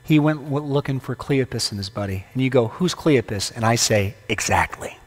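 A man's voice: mid-range voice, fairly quick, a little mellow. A man preaching as a guest preacher, conversational and playful, quizzing the congregation with questions. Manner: playful humorous asides. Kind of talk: sermon. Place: church sanctuary. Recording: long church hall reverb.

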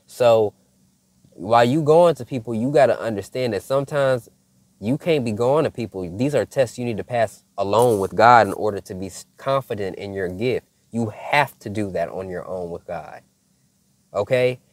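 A man speaks in a relaxed, conversational way, sharing a personal spiritual testimony and calling his viewers y'all. His voice sits a little low. The sound is dry, with almost no room echo. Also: moderate pace. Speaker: faith content creator. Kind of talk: casual spiritual testimony to camera.

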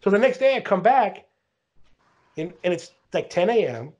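Husky-voiced man telling a rambling story. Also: sits high, big pitch swings, moderate pace, a little mellow, muffled recording. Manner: rambling storyteller, says "dude" constantly. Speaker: podcast co-host. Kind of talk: casual podcast chat.

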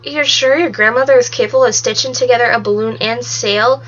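A woman doing a polite, timid frog gentleman. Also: fairly high pitch, fairly even intonation, brisk, muffled recording, soft background music.

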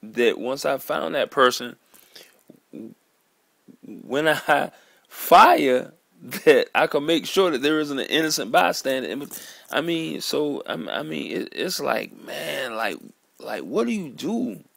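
A man in an earnest, halting vlog monologue, sitting at home at his computer. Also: on the high side, expressive, creaky, a bit bright, no echo. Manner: earnest, halting, repeats words and calls listener "man". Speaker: vlogger. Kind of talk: emotional monologue to camera.

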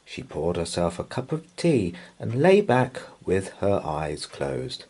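A man reading a children's picture book aloud as a bedtime story, in an expressive, soothing manner. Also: low voice, slow, slightly rough.

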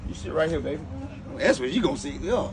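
A man's voice: a little high, animated, quick pace, crowd noise. A man playing a brash, rambling young boyfriend. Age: 30s. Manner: loud, rambling, stammers, Southern-flavored slang. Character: boastful young boyfriend, loud and jumpy. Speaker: comedy sketch actor. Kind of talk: improvised comedy sketch.

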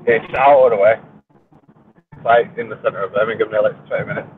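A man's voice: lowish voice, steady tone, brisk, phone-quality sound, background noise. A man hosting a casual live stream from a car, joking, laughing and swearing casually. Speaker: reefing channel host. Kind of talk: casual live-stream chat while driving. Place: car on the road.

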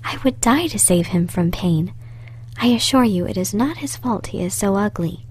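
A woman voicing a kind, earnest young woman in a breathy whisper, as whispered role-play. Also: mid-range voice, expressive, normal speed, darkish tone, a little hiss or hum, natural voice. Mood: indignant.

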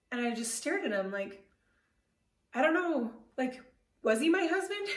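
A woman in her thirties giving a personal storytelling talk, candid and animated, with self-deprecating humor and casual fillers. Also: sits high. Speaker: motivational speaker. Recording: roomy echo, voice from far off the mic.

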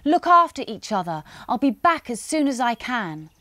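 A small, anxious boy pumpkin, played by a woman, with a high, breathless, eager voice that leaps and dips a lot. He sounds brave and kind for a storybook hero, recorded close and dry. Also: big pitch swings, moderate pace, bright, forceful tone, no room sound. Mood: frightened.

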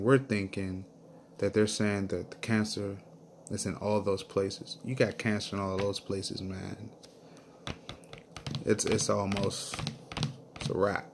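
A man's voice: on the low side, creaky, darkish tone, slight background noise. A man vlogger telling a personal story in an earnest, emotional way. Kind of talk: personal video diary.

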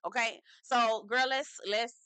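A woman's voice: a little high, steady tone, takes it slowly, sharp tone, clean tone, no room sound. A woman giving a casual, slangy reality TV recap, swearing freely, laughing at her own points and calling the listener "girl".

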